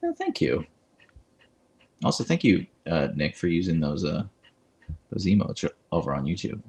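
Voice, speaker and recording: Man, livestream host, casual chat, deep voice, vocal fry, reads comments aloud, phone with clip-on mic. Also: moderate pace, darkish tone.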